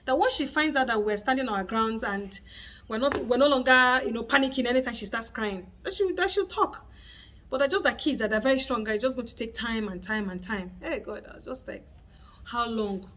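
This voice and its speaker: A Nigerian woman telling a casual, animated story to her vlog audience and acting out her child's cries. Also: fairly high pitch, a little fast, distant mic, low-quality recording. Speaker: mother and vlogger.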